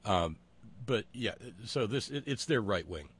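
A man hosting a political talk show, with wry, sarcastic asides and many pauses and fillers. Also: fairly low pitch, expressive, a bit bright, breathy edge.

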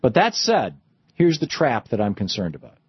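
A man's voice: mid-range voice, huge pitch swings, normal speed, breathy edge, dry recording, lo-fi sound. A middle-aged man hosting a talk radio monologue, rambling with frequent restarts and fillers. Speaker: radio host.

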